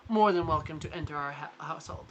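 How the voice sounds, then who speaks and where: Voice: medium pitch, quick pace, fairly bright tone, slight background noise, lightly acted. A performer voicing a polite, formal young noblewoman. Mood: courteous. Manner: formal, courteous.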